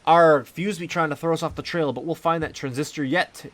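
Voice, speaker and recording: A man voicing a gruff male candy pirate captain in a game, growling with pirate slang. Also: a little high, steady tone, fairly quick, fairly bright tone, a little hiss or hum, pitched above the performer's own voice, lightly acted. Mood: gruff, scheming. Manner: growling pirate talk, arr and me hearty.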